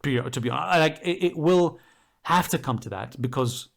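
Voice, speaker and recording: A man's voice: on the high side, a little fast, gravelly. A man co-hosting a casual podcast chat, explaining his ideas enthusiastically and at length, with many fillers. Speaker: podcast co-host.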